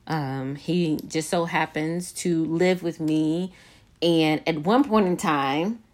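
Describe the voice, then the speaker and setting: A middle-aged woman hosting a casual podcast with her son, talking in a measured, reflective way with fillers and restarts. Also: deep voice. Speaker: podcast host.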